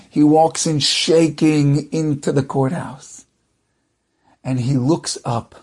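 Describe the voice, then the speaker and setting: A man telling a religious story dramatically, with animated shifts of pace. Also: fairly high pitch.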